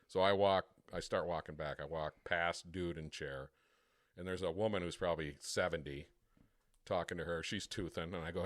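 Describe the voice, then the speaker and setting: A man co-hosting a podcast, telling a crude, profane story with plenty of swearing and quick imitations of other people. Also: low voice, steady tone, no room sound. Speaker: podcast co-host. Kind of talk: casual storytelling chat.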